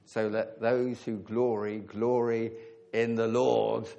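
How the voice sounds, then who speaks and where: A man preaching a sermon, earnest and emphatic, leaning hard on key words with pauses between phrases. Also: medium pitch, level tone, creaky, mellow, highs cut off.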